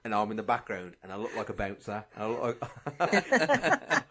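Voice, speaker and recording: A man's voice: fairly low pitch, fairly even intonation, crowd noise. A man hosting a podcast, chatting casually and often breaking into laughter. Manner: laughs often, runs quick-fire games. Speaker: podcast host. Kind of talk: casual chat.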